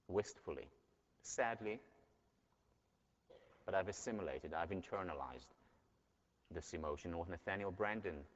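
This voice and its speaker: A man giving a university lecture and telling stories in an earnest way, heard in a dull recording from a large lecture hall. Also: low-pitched. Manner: earnest, storytelling.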